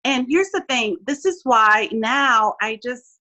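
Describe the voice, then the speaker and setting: A woman's voice: a little high, expressive, takes it slowly, pushed and bright, highs cut off. A woman in her forties, a guest speaking candidly and earnestly in an interview, often checking in with "right?".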